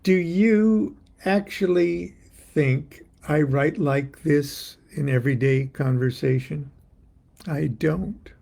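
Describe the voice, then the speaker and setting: Older guy, slow gravelly voice, kinda dark and theatrical, wry storyteller. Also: a little high. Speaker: occult author. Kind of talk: reciting a poem, then reflective monologue.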